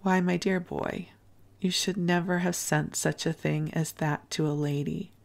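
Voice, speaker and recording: A woman reading the lines of a kindly, proper older matron, in a gentle, soft-spoken way. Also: on the low side, fairly even intonation, measured pace, vocal fry. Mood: firm.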